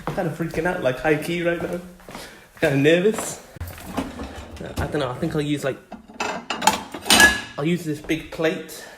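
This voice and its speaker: A man's voice: a little high, fairly even intonation, a little slow, long pauses, heavy background noise. A young man filming on his phone at home, nervous and swearing casually as he talks to the camera. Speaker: vlogger. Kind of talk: phone video narration. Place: house indoors.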